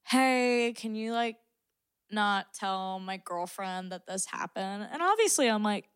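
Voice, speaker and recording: A woman's voice: medium pitch, expressive, slow pace, a bit bright, clean tone, dry recording, clean studio sound. A young woman co-hosting a podcast, telling stories frankly and laughing often in casual chat. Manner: candid storytelling, laughs often. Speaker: podcast co-host.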